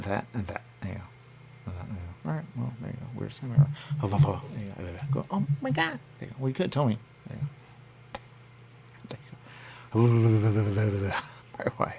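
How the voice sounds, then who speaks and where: A man hosting a radio talk show, rambling on his own and repeating the same catchphrase over and over, sometimes acting out other people in a high voice. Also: normal speed, gravelly, dark tone, slight background noise. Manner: rambling, repeats "there you go" constantly.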